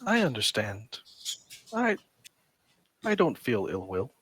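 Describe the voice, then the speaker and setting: A man playing a tabletop game, speaking calmly and matter-of-factly as he plans his moves. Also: medium pitch, slow, husky. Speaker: player.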